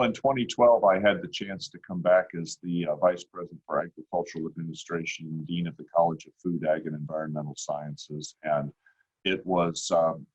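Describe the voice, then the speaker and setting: A man in his sixties from Ohio, answering interview questions in a measured, reflective way with frequent pauses and fillers, speaking over a video call. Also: deep voice, breathy edge, highs cut off. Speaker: university provost, guest.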